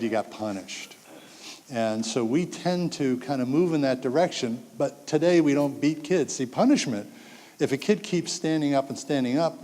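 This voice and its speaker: A man in his sixties speaking to an audience of parents, telling stories with acted-out quotes and jokes. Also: medium pitch. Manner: animated storytelling, acts out quotes, jokes with the audience. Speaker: speaker giving a talk to parents. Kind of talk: public talk to an audience. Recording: long hall reverb.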